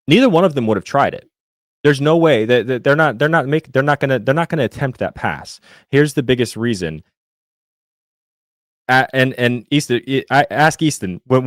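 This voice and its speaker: Rambling through talk of football and fast food, full of fillers and restarts, this young Indiana podcast co-host also reads out the live chat. The studio-quality recording is dry and captures his medium-pitched voice.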